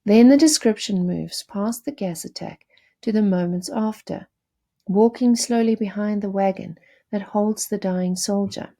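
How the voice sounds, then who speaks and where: A woman teacher giving a measured, explanatory literature lecture, with occasional self-corrections and fillers. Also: medium pitch, warm tone.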